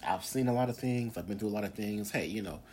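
A man's voice: on the low side, quick pace, a little mellow, slight background noise. A man in his forties hosting a podcast, talking in an earnest, rambling monologue with many fillers and restarts. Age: 40s. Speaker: podcast host. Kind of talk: casual religious podcast monologue.

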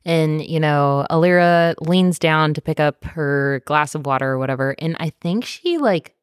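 A young woman co-hosting a podcast, chatting casually about a novel, laughing often and slipping into quick character voices. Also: deep voice, smooth, dry recording, studio quality. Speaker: podcast co-host. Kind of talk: casual book discussion.

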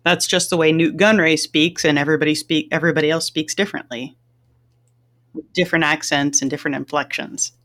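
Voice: mid-range voice, fairly even intonation, fairly quick, fairly bright tone. A podcast co-host in casual chat, speaking as an enthusiastic fan. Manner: enthusiastic fan, chatty, laughs often.

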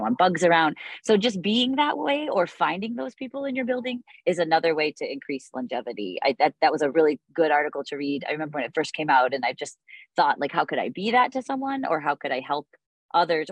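A woman's voice: deep voice, no room sound. A woman in her forties, a music teacher, talking in a podcast interview, chatty with many fillers and restarts.

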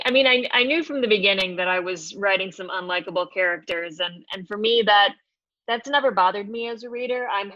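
Woman author, interview chat, thoughtful, mid-pitched, slightly muffled, dry. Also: pushed and bright, no room sound. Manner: thoughtful, with many fillers and restarts.

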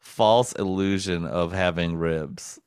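Casting: man in his 20s, very low voice, dry close sound, laid-back crude humor, frequent laughter. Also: takes it slowly, a little mellow, smooth, dry recording. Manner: laughs often, loose and crude. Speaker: podcast co-host. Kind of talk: casual comedic chat.

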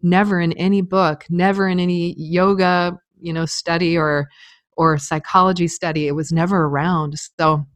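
A woman's voice: lowish voice, little pitch movement, normal speed, no echo. A middle-aged woman telling a personal story as an interview guest, candid and earnest, with frequent filler words.

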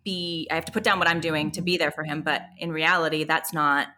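A woman's voice: deep voice, fairly even intonation, brisk, bright, forceful tone. A woman host and parent speaking candidly and self-reflectively in a casual chat, laughing easily.

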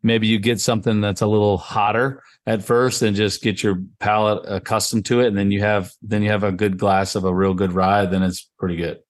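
A man from Virginia with a fairly low voice chats on a podcast. He laughs a lot and explains things at length in a relaxed way. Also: fairly quick, few pauses. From Virginia, USA. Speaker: podcast co-host. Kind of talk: casual chat.

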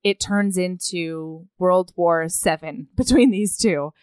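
A woman's voice: lowish voice, clean tone, dry recording, clean studio sound. A woman casually retelling a novel's plot, animatedly acting out the characters' lines. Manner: animated, acts out characters' lines in quick voices. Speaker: podcast co-host recapping a novel. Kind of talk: casual book-recap chat.

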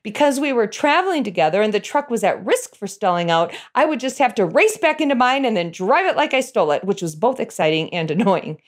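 A middle-aged woman telling a personal story in an animated way, chuckling as she goes. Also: on the high side, brisk, few pauses.

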